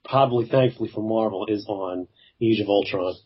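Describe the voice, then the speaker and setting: A man co-hosting a casual podcast chat, relaxed and blunt, swearing now and then. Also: lowish voice, a little fast, slightly rough. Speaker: podcast co-host. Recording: dull lo-fi sound.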